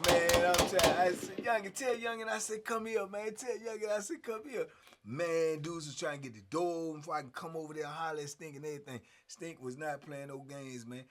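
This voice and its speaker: A middle-aged man, telling prison stories in a casual, animated way and acting out what others said. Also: very high-pitched, normal speed, slight background noise. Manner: animated, acts out quotes, frequent "man". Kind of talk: casual storytelling.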